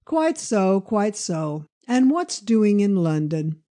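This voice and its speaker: A woman's voice: mid-range voice, big pitch swings, slow pace, dark tone. A woman reading aloud and voicing a frail, mild older male vicar who speaks in a dignified, weary manner. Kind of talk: audiobook character voice.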